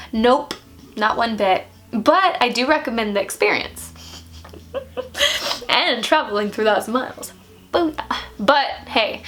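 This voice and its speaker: A woman vlogger telling a story in a casual, animated way, full of "like"s and talking straight to her viewers. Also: a little high. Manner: animated and chatty, many "like"s.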